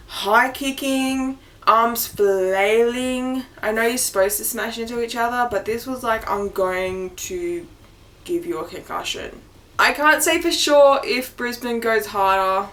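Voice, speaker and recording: A young Australian woman vlogging in a casual, excitable way, laughing often and swearing casually. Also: mid-range voice. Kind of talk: casual chat.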